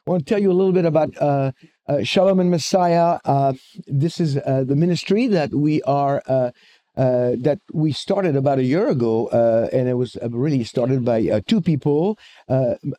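A man's voice: fairly high pitch, mellow. A man speaking as a guest speaker in a church, giving a chatty talk full of jokes and restarts, into a wired microphone. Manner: chatty, many fillers and restarts.

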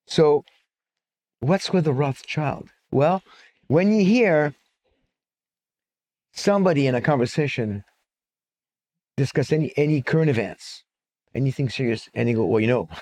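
Man speaking at a mic with slides, voice a touch high, casual and rambling, with lots of ums and restarts. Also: a little slow, pauses often, darkish tone. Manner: conversational and digressive, with many fillers and restarts. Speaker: speaker giving a talk on antisemitism. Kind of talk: live lecture with slides. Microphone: fixed microphone.

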